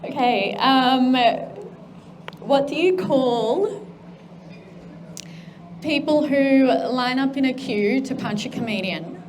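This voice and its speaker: A woman's voice: sits high, takes it slowly, pauses often, slight background noise, rough recording. A woman guest comedian telling short jokes in a modest, laid-back way. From half Swiss, half Australian.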